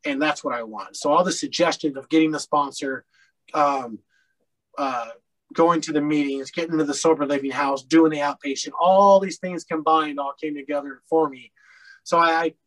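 Man from Colorado, podcast guest, higher-pitched voice, candid rambling storytelling, blunt swearing. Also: steady tone, normal speed, a bit bright, low-quality recording. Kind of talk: casual storytelling interview.

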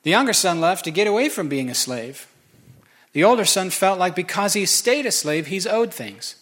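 A man's voice: high voice, animated, normal speed, fairly bright tone. Conversational preacher man. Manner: conversational, joking. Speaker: pastor. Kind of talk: sermon.

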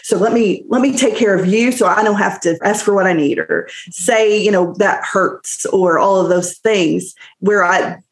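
A woman co-hosts a podcast in a middle-pitched voice, candid and self-deprecating. Her mic picks up a roomy echo. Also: moderate pace, hardly any pauses. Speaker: podcast co-host. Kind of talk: podcast interview.

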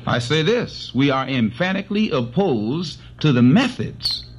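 A man answering as a guest in a televised debate, speaking earnestly with halting starts and many filler sounds. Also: on the high side, very animated, slight background noise. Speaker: panel guest. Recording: dull lo-fi archival broadcast.

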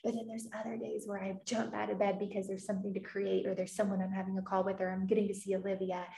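A woman's voice: mid-range voice, monotone, fast, creaky, dark tone, a little hiss or hum. A woman from the Midwest chats candidly, telling stories as a coach in casual conversation. Her voice sits in the middle of the range for a woman. The sound has a roomy echo. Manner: candid, storytelling with acted quotes.

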